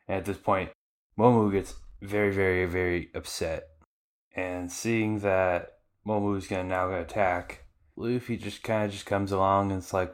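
A man's voice: sits low, moderate pace. A male podcast host giving a casual, chatty anime episode recap with lots of fillers. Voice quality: conversational, filler-heavy, animated retelling.

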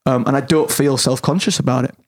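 A man's voice: medium pitch, steady tone, quick pace. A man in casual conversation, candid and self-deprecating, swearing freely and restarting his sentences often. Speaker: podcast guest. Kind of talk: casual chat.

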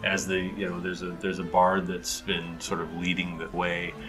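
A man's voice: sits low, completely flat delivery, normal speed, over music. A man running a tabletop game as game master, describing scenes in a loose, rambling way. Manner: rambling, hedging with fillers.

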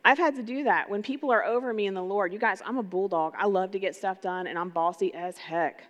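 A middle-aged woman delivers a sermon in a casual, energetic way, checking in with her listeners through quick rhetorical questions. Her voice sits in a middle pitch. It trails off into the long reverb of a large church sanctuary. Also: dull audio. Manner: energetic, conversational, asks the crowd rhetorical questions. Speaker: pastor.

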